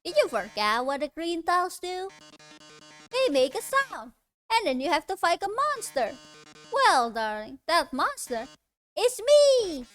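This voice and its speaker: A woman's voice: extremely high pitch, big pitch swings, unhurried, fairly bright tone, faint music behind, exaggerated voice. A woman voicing a flamboyant male robot TV star, speaking in a theatrical, showy way and calling others darling. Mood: gloating.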